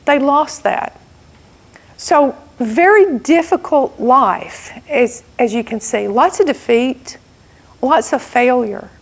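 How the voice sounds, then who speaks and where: Slow-talking Alabama woman in her sixties. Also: sits high, animated. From South Alabama. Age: 60s. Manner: slow, folksy, self-teasing. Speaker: guest speaker. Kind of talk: motivational talk. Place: meeting room.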